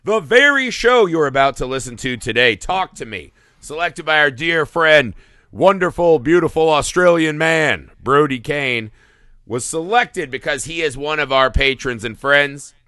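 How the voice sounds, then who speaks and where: Male podcast host, eager and animated, crisp bright tone, dry close sound. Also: on the high side, a little slow, no echo. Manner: enthusiastic, animated, swears casually. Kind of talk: casual film podcast chat.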